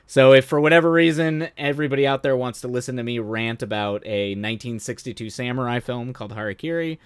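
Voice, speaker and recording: A man talks fast in a smooth, mid-range voice while hosting a casual live stream, with no room sound. He rambles with viewers, often trailing off, breaking into his own sentences to start over, and laughing at his stories.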